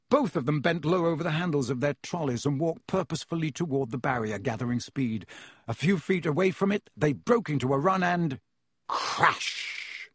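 A man reading a storybook aloud in a measured, vivid narration. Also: fairly high pitch, breathy edge, no echo, clean studio sound. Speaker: audiobook narrator.

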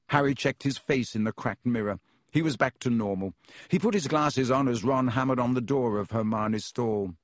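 A man's voice: mid-range voice, moderate pace, no echo. Male audiobook narrator, dry close sound. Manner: steady storytelling. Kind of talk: scripted narration.

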